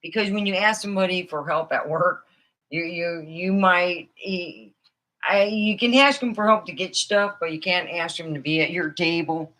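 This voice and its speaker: A woman's voice: on the low side, moderate pace, fairly bright tone. A middle-aged woman telling rambling comic stories in a chatty, meandering way. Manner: chatty, meandering, many fillers. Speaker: comedian. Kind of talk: rambling stand-up storytelling.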